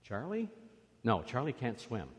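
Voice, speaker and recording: A priest giving a children's sermon in a church, coaxing the children along with lively questions. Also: male voice, on the low side, measured pace. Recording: long reverb of a church.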